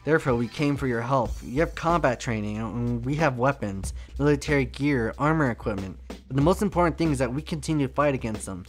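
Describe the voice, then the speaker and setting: A man's voice: medium pitch, fairly quick, few pauses, faint music behind, natural voice. A man doing an earnest young rebel leader. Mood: solemn.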